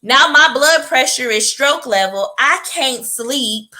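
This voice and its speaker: Female co-host, bright slightly high voice, emphatic casual storyteller. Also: expressive, slow, rough recording. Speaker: podcast co-host. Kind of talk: casual chat.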